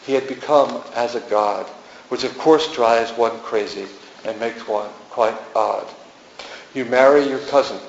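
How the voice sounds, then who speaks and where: A man's voice: mid-range voice, a little slow, slight background noise. A man poet giving a sing-song reading of rhyming verse at a gallery. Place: art gallery. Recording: roomy, dull gallery recording.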